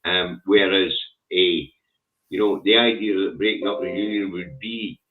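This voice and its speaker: Deep-voiced man on a phone line. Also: fairly even intonation. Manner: measured, with frequent "eh" fillers. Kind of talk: casual political discussion.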